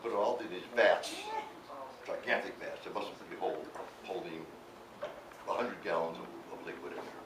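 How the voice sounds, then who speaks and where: A man's voice: low voice, normal speed, a crowd in the background. A man in his eighties, an author telling chatty anecdotes to an audience at a book event and laughing through his own story. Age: 80s. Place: event hall. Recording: echoey room, distant mic, background noise.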